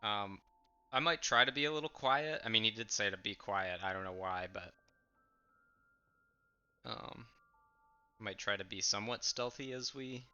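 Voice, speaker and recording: A man's voice: lowish voice, normal speed, pauses often, pushed and bright, clear, resonant tone. A man playing a tabletop game, thinking aloud in a tentative, casual way. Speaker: player. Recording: dull lo-fi with faint music.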